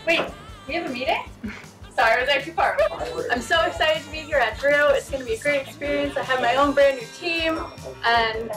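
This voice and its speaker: An excitable young woman with a high voice, laughing as she talks through a comedy skit. She is caught from a distance in a roomy space, with music playing clearly behind her. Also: brisk.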